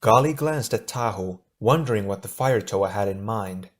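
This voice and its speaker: A low-pitched man reads an adventure audiobook aloud. His narration is steady and measured. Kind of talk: scripted narration.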